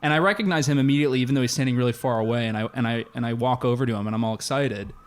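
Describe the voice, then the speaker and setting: Male podcast co-host, mid-range voice, excitable storyteller who laughs a lot. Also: medium pitch, racing, a little hiss or hum. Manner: animated storyteller, laughs often. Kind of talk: casual chat.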